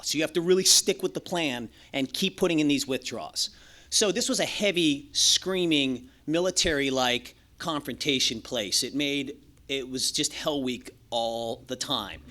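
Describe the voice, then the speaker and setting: A man's voice: on the high side, sharp tone. A man sharing his own recovery story as a speaker at a meeting, candid and profane, joking and acting out the voices of others. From Los Angeles. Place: meeting room.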